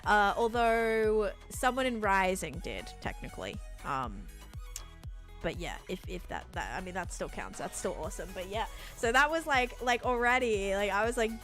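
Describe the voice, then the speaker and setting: A woman's voice: medium pitch, expressive, normal speed, fairly bright tone, faint music behind. A woman from Australia with an American accent that has Australian traces, chatting casually on a livestream while building in a game, rambling with lots of fillers.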